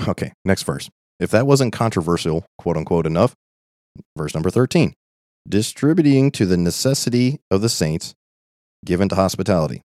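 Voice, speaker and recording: Deep-voiced earnest man leading Bible study. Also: lively intonation, moderate pace, warm tone, dry recording, studio quality. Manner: earnest, conversational, repeats points with "okay?". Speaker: Bible teacher.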